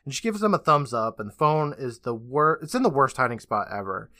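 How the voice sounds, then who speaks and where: Brief: male podcast host retelling a show with sarcastic, swearing asides; bright tone. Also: mid-range voice, big pitch swings, fairly quick, no room sound. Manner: loose, profane, sarcastic retelling. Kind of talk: casual episode recap.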